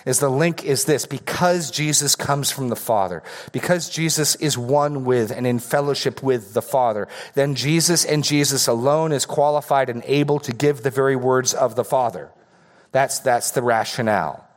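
Male pastor, mid-pitched, earnest sermon delivery with emphatic repetition. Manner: earnest, repeats words for emphasis. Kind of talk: expository sermon.

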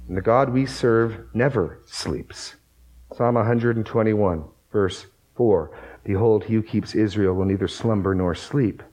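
A man's voice: fairly low pitch, darkish tone, poor audio. Man preaching with emphatic rising bursts. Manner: quotes scripture aloud, reads verses with emphasis. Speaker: pastor. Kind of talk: sermon.

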